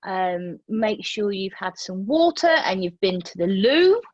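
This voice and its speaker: A woman's voice: medium pitch, unhurried, no room sound, lo-fi sound. Chatty yoga teacher, woman. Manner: lively storyteller, acts out her own reactions. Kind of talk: chatty class talk with a personal story. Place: room used for online classes.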